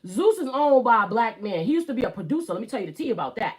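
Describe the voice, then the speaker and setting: A woman's voice: on the high side, big pitch swings, fast. A woman in her thirties with a Brooklyn accent, hosting a casual live stream and talking bluntly, with swearing and emphatic repeats. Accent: Brooklyn New York. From Brooklyn, New York. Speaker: YouTube live host.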